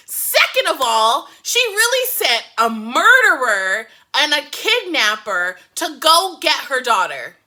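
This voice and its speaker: A woman reviews a TV show in a casual, rambling rant that is full of cursing. Her high, bright voice swoops up and down in a lively way. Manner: animated, profane, rambling rants.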